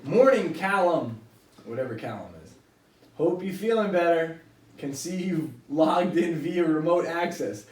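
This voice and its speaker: Young male podcast host, rowdy laughing banter, slightly high voice, distant mic in an echoey room. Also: unhurried. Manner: laughing, swearing, excitable banter. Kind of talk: casual chat. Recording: roomy, distant mic with faint ambience.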